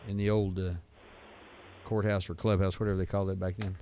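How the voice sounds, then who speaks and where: A man's voice: sits low, little pitch movement, a little fast, mellow, slight background noise. A man hosting a casual call-in radio show, rambling through jokes and stories. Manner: rambling storyteller, joking. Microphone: studio microphone.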